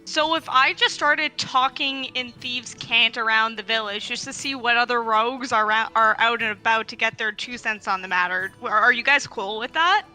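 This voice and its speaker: Higher voiced girl in a dnd game, super bright tone, says like constantly. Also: normal speed, few pauses, soft background music. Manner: eager, full of "like". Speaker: tabletop player. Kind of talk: casual game chat.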